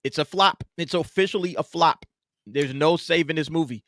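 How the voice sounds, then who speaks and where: A man hosting a casual livestream podcast, reading super chats with quick asides. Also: a little high, a bit bright, no echo, clean studio sound. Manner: laid-back, reads super chats aloud with quick asides. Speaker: podcast host.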